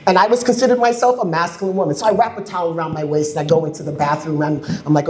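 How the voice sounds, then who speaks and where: A woman on a community panel, telling a story with lively acted-out quotes and frequent laughter. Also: fairly low pitch, very fast, hardly any pauses, reverberant. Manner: animated, acts out quoted voices, laughs often. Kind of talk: impassioned panel talk with storytelling. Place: community event hall.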